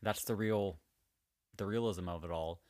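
A man's voice: low-pitched, normal speed, a little mellow, no room sound, studio quality. A man hosting a podcast in a candid, emotional monologue, swearing freely as he rants. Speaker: podcast host. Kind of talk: casual podcast chat.

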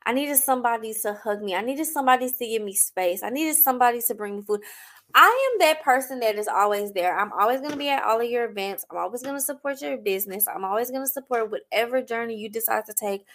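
A woman's voice: on the high side, animated, fast talker, fairly bright tone. A young adult woman hosting a talk show, telling her own story candidly and heartfelt, with emphatic repetition. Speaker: podcast host.

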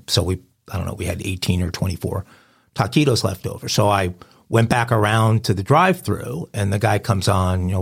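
A man's voice: low-pitched, brisk, vocal fry, breathy edge. A man, co-hosting a podcast and telling a rambling, self-amused story in casual chat. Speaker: podcast co-host.

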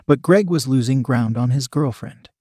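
A man narrating an erotic story in a steady reading voice. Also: mid-range voice, moderate pace, slightly rough, no echo, clean studio sound.

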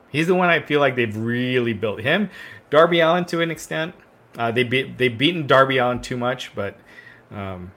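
Casual co-host, man, mid-pitched, rambling and filler-heavy, a few drinks in. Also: a bit bright. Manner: rambling, fills with "uh" and restarts. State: drinking wine, relaxed. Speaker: podcast co-host. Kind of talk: casual wrestling chat.

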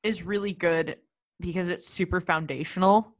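A woman's voice: fairly low pitch, steady tone, normal speed. A young woman co-hosting a movie podcast, wry and thoughtful with dry humor. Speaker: podcast co-host. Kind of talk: casual movie chat.

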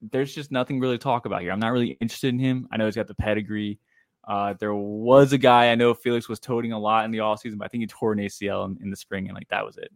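A man's voice: fairly low pitch, steady tone, quick pace, no room sound, clean studio sound. A man co-hosting a casual fantasy football podcast, talking loosely with lots of fillers and blunt opinions. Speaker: podcast co-host.

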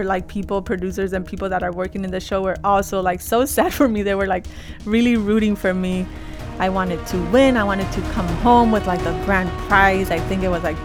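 A woman fashion designer telling the story of her career in a casual, chatty way, with lots of "like" fillers. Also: mid-range voice. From Los Angeles area.

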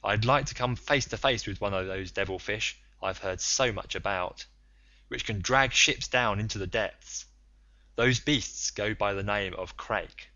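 A man reading aloud, voicing a calm manservant who speaks in a deadpan, matter-of-fact way. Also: fairly low pitch, a little slow, muffled recording. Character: calm, unflappable male manservant.

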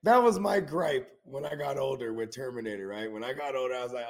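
A man's voice: mid-range voice, brisk. A man co-hosting a casual chat, rambling in slang and often asking "you know what I mean". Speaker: co-host.

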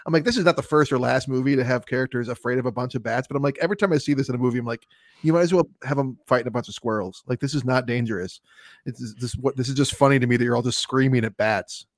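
A man's voice: medium pitch, no echo. Rambling man in dry movie chat. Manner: rambling, halting, with many restarts and fillers. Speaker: podcast co-host. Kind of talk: casual movie review chat.

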